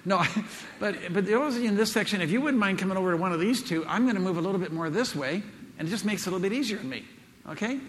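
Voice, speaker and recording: High-pitched with lively intonation and a quick pace, an older man delivers a seminar talk at a Christian event, with slight background noise present. He jokes in a folksy way, chuckling and using plenty of fillers, before an audience in a large hall. The recording has long reverb from the hall.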